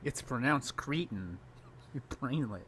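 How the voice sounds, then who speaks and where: A man's voice: on the low side, moderate pace, a little hiss or hum. A man co-hosting a reaction stream, sarcastic and crude, laughing often. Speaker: co-host. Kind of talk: casual reaction commentary.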